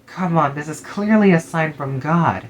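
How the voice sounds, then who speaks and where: A man's voice: fairly high pitch, a little slow, a little hiss or hum, pitched above the performer's own voice, lightly acted. A man voicing a pushy teenage boy who keeps needling his friend in a storybook reading. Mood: teasing. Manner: needling, teasing.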